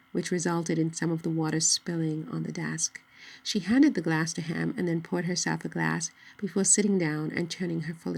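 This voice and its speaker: A woman narrating a novel in a steady, measured audiobook reading. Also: lowish voice, gravelly, slightly rough, poor audio.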